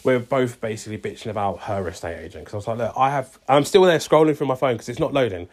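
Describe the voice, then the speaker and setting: A man's voice: medium pitch, fast. A young man telling a long story casually, acting out both sides of a conversation with lots of "I was like" and "she's like".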